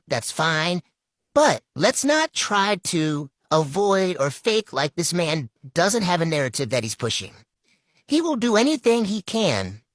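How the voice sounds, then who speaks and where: A woman with a low voice that rises and falls a great deal delivers critical commentary. She presses her points hard and repeats phrases for weight, recorded dry and close. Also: dry recording. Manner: emphatic, critical, repeats for stress. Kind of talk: opinion commentary.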